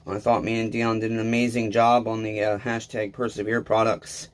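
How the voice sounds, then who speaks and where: A man's voice: lowish voice, level tone, moderate pace. A man talking casually to his viewers while he repairs a chainsaw, blunt and self-deprecating, with rambling asides. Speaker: small engine repair vlogger.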